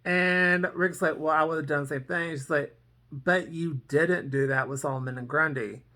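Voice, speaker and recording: Sharp in tone, with medium pitch and normal speed, this TV reaction reviewer rambles through an episode recap. Lots of "um" and "and so" fill the talk, and characters' quoted lines get acted out.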